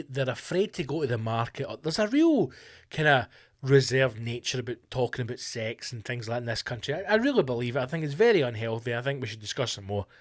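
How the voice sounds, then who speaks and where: A man's voice: mid-range voice, a bit bright. A man hosting a podcast, delivering a profane, mocking comedic rant. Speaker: podcast host.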